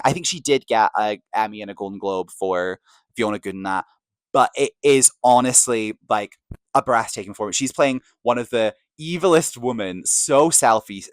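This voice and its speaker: A man's voice: mid-range voice, no echo, low-quality recording. A man hosting a podcast, gushing in an enthusiastic, chatty way with plenty of fillers. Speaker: podcast host. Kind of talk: casual opinion chat.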